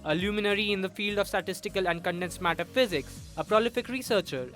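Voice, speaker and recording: A man's voice: sits high, pushed and bright. A man hosting a podcast, reading a scripted introduction. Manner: formal, reading credits and bio. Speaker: podcast host.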